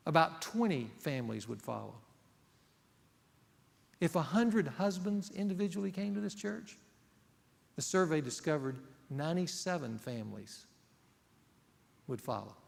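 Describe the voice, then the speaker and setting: Earnest pastor preaching in a reverberant hall. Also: male voice, on the high side, creaky. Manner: earnest, emphatic preaching that swings between loud and hushed. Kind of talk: sermon. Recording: long reverb of a church hall.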